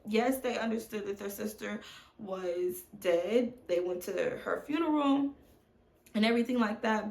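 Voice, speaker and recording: Thirties mom vlogger, earnest and emotional, some vocal fry, phone mic in a roomy space. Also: female voice, fairly high pitch, a little mellow. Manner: candid, emotional, addresses viewers as y'all. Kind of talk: candid confessional chat to camera. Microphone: phone on tripod. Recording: echoey room.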